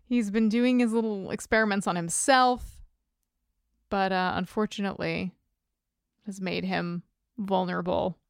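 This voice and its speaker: A woman's voice: mid-range voice, fairly even intonation, measured pace, vocal fry, pauses often, smooth, no room sound, clean studio sound. A woman co-hosting a podcast, recapping a TV episode in chatty casual talk with jokey asides and giggles. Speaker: podcast co-host.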